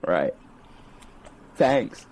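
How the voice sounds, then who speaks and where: A man's voice: very slow, background noise. A young man co-hosting a podcast, teasing and sarcastic in casual chat, swearing often. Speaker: podcast co-host.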